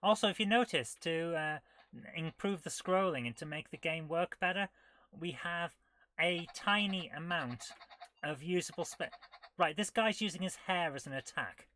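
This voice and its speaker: A woman's voice: lowish voice, normal speed, fairly bright tone. A woman streaming retro games, thinking aloud as she plays and reacting with amused disbelief. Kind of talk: casual live gameplay commentary.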